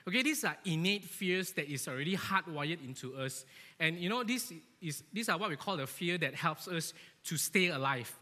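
A man giving a lively, joking sermon to a church, animated and often asking his listeners "right?", in an echoey church hall. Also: a little high, moderate pace. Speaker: church speaker.

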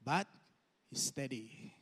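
A man in his thirties preaching a sermon, telling stories and letting his phrases trail off softly. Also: medium pitch, expressive, slow, breathy edge. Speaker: pastor. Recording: long hall reverb.

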